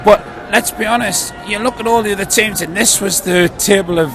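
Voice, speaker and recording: Fan rambling on a noisy street. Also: male voice, high-pitched, a little fast, crowd noise. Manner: rambling, earnest match predictions. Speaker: football fan guest. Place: outdoors on a busy city street.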